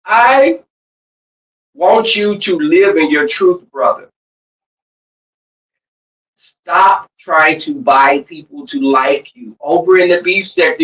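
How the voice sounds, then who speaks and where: Profane, teasing livestream host in a roomy space. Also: mid-range voice. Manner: loud, profane and teasing, with sudden shouts and laughs. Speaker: livestream host reading chat. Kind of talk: casual livestream chat. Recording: roomy, distant, dull lo-fi sound.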